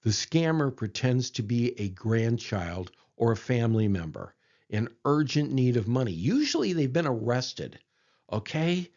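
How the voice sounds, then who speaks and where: A man's voice: mid-range voice, lively intonation, unhurried, darkish tone. A middle-aged man giving an informal presentation, chatty, repeating himself and checking in with the audience. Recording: dull lo-fi recording.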